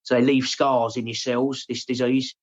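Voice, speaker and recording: An English man in his forties, talking openly and haltingly in an interview, often repeating his words and saying "mate". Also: medium pitch, flat delivery, lo-fi sound. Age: 40s. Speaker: podcast guest. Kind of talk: emotional personal interview.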